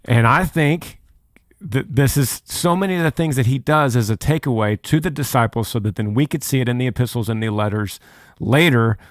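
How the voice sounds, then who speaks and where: A man's voice: mid-range voice, a little fast, no room sound. Guy on a bible podcast, earnest, kinda preachy, acts out the quotes, dry close mic. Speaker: podcast co-host. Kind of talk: casual Bible study chat.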